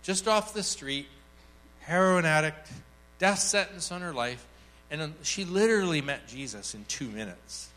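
A man's voice: fairly high pitch, expressive, moderate pace, bright, forceful tone. A man speaking at a church workshop, telling an anecdote and acting out the quoted voices with animation. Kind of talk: teaching talk with acted anecdote.

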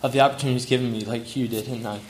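Rapid-fire and fairly even in intonation, a young man with a mid-range voice offers a memorial tribute, chuckling through warm stories about a family friend. The recording sounds like a roomy hall with faint ambience and slight background noise.

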